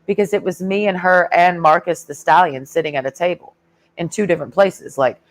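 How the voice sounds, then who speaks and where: A woman's voice: on the low side, brisk. A woman ranting in a heated, sarcastic and profane way in a casual vlog. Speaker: vlogger. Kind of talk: casual rant.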